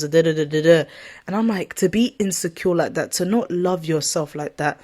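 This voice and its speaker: A woman's voice: sits low, moderate pace, warm tone. Rambling woman vlogger ranting. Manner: rambling, self-correcting, exasperated. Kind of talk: casual rant to camera.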